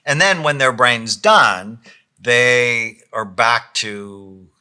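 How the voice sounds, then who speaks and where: A middle-aged man co-hosting a podcast, speaking in a calm, explanatory way that often drops soft and low. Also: extremely slow, clean tone. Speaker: podcast co-host, psychiatrist. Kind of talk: casual podcast conversation.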